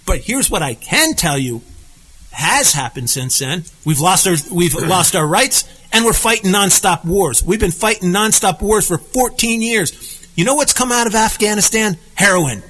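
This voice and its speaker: Co-hosting a laid-back talk show about politics, a US man brings his stories to life and acts out what people said. His voice is high at normal speed, on a low-quality recording.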